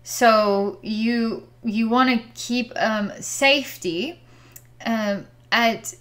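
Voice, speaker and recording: A woman's voice: a little high, a bit bright. A woman working as a psychic healer, describing what she sees during a distance healing session in a hesitant, word-searching way with sighs.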